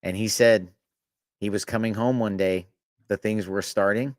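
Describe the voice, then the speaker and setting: A man's voice: on the low side, steady tone, normal speed, dry recording, studio quality. A man co-hosting a podcast, telling rambling anecdotes in casual chat with frequent laughs and swearing. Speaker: podcast co-host.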